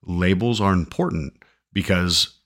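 Very deep-voiced man co-host. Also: unhurried, fairly bright tone. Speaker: podcast co-host. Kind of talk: casual chat.

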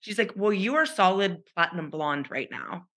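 A middle-aged woman co-hosting a chatty podcast over a video call. Her voice is bright and clear. She tells stories with animation and plays out the voices of people she quotes. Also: fairly low pitch, lively intonation, normal speed. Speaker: podcast co-host. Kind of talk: casual storytelling chat.

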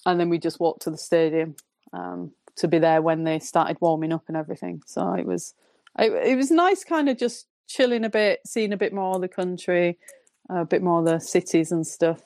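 A woman with a Northern English accent chats on a podcast as a guest, telling her story in a relaxed, rambling way. Her voice sits a little low, recorded close and dry. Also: moderate pace, vocal fry, no room sound. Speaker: podcast guest, football fan. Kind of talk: casual podcast chat.

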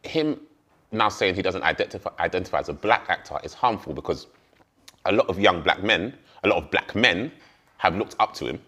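A man with a deep, low voice argues insistently at a dinner table, hammering his point home. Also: lively intonation, a little fast, pushed and bright. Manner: emphatic, insistent. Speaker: dinner guest. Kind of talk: casual discussion.

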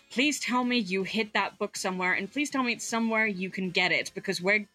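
A woman's voice: mid-range voice, brisk, sharp tone, soft background music, lightly acted. A woman voicing a weary, exasperated male adventurer in a tabletop game, speaking in a pleading, exasperated manner.

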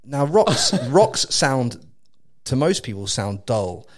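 A man in his thirties from England with an English accent, hosting a podcast and telling a story in casual, animated chat, laughing often and swearing freely. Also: medium pitch, slow. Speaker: podcast host.

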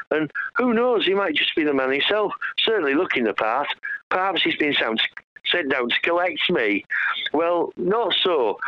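Man, musician guest, rambling jokey storyteller, slightly high voice, dry dull lo-fi sound. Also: dry recording. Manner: rambling, joking, with many restarts. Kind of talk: casual storytelling chat.

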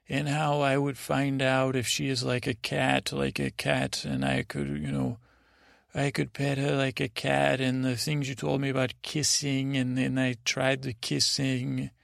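A man's voice: medium pitch, vocal fry, a bit bright, dry recording, studio quality. A man hosting a sleep podcast, telling a meandering bedtime story full of hesitations and restarts.

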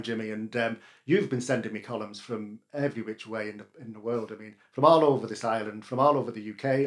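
A man interviewing a longtime columnist in a casual chat, asking quick friendly questions with fillers. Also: medium pitch. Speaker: newspaper editor interviewing a columnist.

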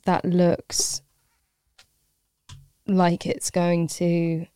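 A woman's voice: fairly low pitch, monotone, extremely slow, dark tone, clean tone, no echo. A woman who teaches pottery, chatting casually as a podcast guest in a rambling, self-deprecating way with frequent laughs.

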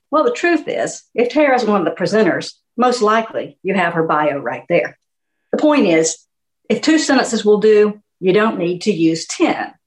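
A woman's voice: medium pitch, normal speed, poor audio. A woman giving a conversational talk on speaking skills, acting out little examples. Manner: conversational, animated, with little demonstrations. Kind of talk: workshop talk.

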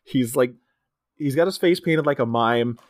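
A man's voice: medium pitch, unhurried, dry recording, clean studio sound. A man co-hosting a podcast, casually recapping a film and acting out quoted lines along the way. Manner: animated retelling, jumping into quoted voices. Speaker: podcast co-host.

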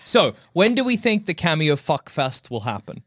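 A man co-hosting a casual podcast, excitable and laughing often as he acts out scenes. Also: fairly high pitch, normal speed, no room sound, studio quality. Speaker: podcast co-host.

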